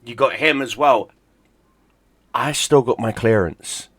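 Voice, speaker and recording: A man's voice: medium pitch, takes it slowly, fairly bright tone, husky, no echo. Furious profane man ranting. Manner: profane, heated, sarcastic. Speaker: gaming YouTuber. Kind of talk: angry ranting commentary.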